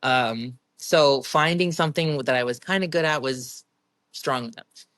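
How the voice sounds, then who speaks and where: A woman's voice: a bass voice, a little slow, dry recording. Chatty giggly young woman, dry sound. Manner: chatty, giggly, animated storytelling. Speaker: professional strongwoman guest. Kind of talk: casual interview storytelling.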